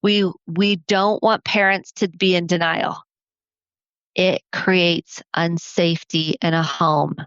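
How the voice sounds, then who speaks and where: A woman hosting a podcast as a family therapist, talking earnestly and encouragingly, counting off her points slowly. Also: lowish voice, steady tone, a bit bright, clean tone, dry recording, lo-fi sound. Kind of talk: solo podcast talk.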